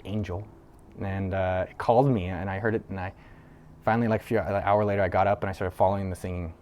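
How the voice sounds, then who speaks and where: A man's voice: sits low, darkish tone, a little hiss or hum. A man hosting his own channel, telling a personal story to camera in a loose, conversational way with filler words and casual swearing. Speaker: entrepreneur video host.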